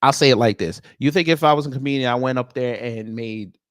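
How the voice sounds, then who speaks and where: A man's voice: mid-range voice, a little fast, dry recording, studio quality. A man hosting casual reaction commentary, talking to his viewers as family with frequent stammered restarts. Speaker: commentary show host.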